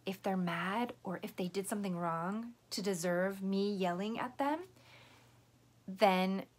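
Gentle teacher woman talking to children. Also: medium pitch, unhurried. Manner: gentle, patient, explains step by step. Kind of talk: lesson for young children.

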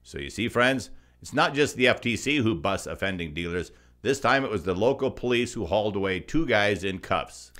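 A man's voice: fairly low pitch, lively intonation, moderate pace, few pauses, fairly bright tone. A man reads consumer news reports. He delivers them as a co-host and drops mocking, sarcastic remarks between the facts. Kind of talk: scripted news commentary.

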